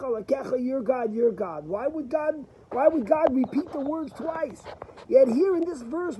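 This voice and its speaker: A man's voice: very high voice, rough recording. Rabbi guy preaching, earnest, keeps repeating phrases to drive the point home. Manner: repeats key phrases for emphasis, earnest teaching. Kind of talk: sermon.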